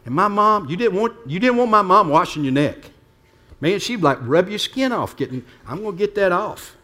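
A man's voice: high-pitched, animated, moderate pace. Man preaching in a conversational style. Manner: conversational preaching, swinging from hushed to emphatic. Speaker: pastor. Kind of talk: sermon. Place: church.

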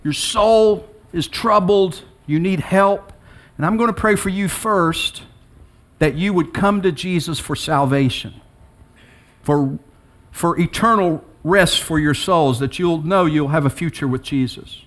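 A pastor preaching a sermon, telling stories with acted-out dialogue and leaping up in pitch for emphasis. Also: male voice, a little slow. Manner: animated storytelling with acted-out dialogue; pitch leaps high for emphasis.

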